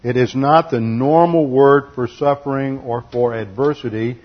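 Deliberate male Bible teacher, muffled recording. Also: medium pitch. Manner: deliberate, spells out Greek words letter by letter; lecturing, corrects translations.

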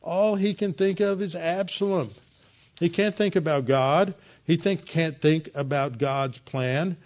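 A man's voice: fairly high pitch, measured pace, a little mellow. Earnest man preaching a Bible sermon. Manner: emphatic, earnest teaching.

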